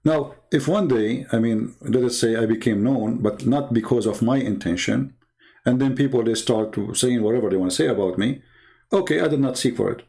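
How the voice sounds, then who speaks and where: Man, mid-pitched, gravelly, earnest interview talk, emphatic non-native phrasing. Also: fairly quick, dark tone. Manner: acts out quoted people with big pitch jumps. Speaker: Christian public speaker.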